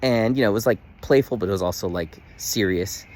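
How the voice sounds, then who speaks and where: A man in his thirties talking casually to the camera in a daily video diary, earnest and animated, full of "like" fillers. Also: lowish voice, brisk, a little hiss or hum. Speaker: vlogger.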